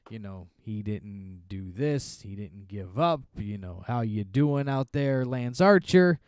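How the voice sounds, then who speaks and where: A man's voice: on the low side, animated, slow, clean tone, no room sound, clean studio sound. A man co-hosting a podcast, recapping wrestling in casual, rambling, sarcastic chat. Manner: rambling, sarcastic, acts out wrestlers' shouted lines. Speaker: podcast co-host.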